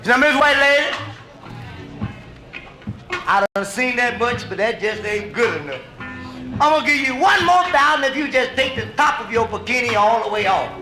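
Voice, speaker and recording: A man's voice: very high voice, animated, normal speed, long pauses, over music. A man voicing a brash young man who crudely sweet-talks a woman. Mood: wheedling. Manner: cocky, wheedling, crude. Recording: echoey live club recording.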